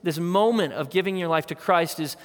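A man's voice: high-pitched, a little fast. Earnest male pastor preaching in a hall. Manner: earnest, conversational storytelling with emphatic repetition. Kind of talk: sermon. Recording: long hall reverb.

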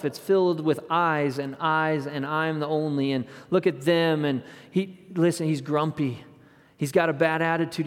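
A male pastor preaching a sermon, telling the story in a conversational way and dropping to hushed tones for emphasis. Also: fairly high pitch, in a large hall.

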